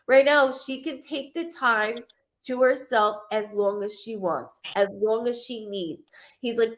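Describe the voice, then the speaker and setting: High-voiced, rambling woman psychic medium. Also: moderate pace, a little hiss or hum. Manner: rambling, emotional, swears freely. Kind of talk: live-streamed reading.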